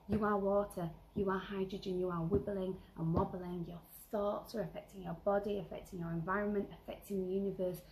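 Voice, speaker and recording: A woman vlogger giving earnest self-help advice, stressing and repeating key phrases and sometimes dropping to a soft whisper. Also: mid-range voice, steady tone, normal speed, slight background noise, low-quality recording. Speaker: lifestyle vlogger. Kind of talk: motivational self-help talk.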